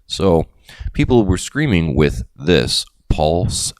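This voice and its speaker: A man's voice: sits low, big pitch swings, slow, no room sound. A middle-aged man hosting a crypto video, explaining in a casual, rambling way with jokey asides.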